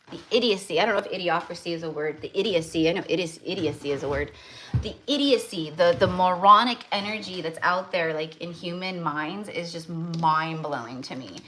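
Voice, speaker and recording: Bright-voiced woman rambling through a tarot reading. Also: fairly low pitch, slight background noise, rough recording. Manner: rambling, full of "like" and restarts. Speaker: tarot reader. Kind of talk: casual tarot reading for viewers.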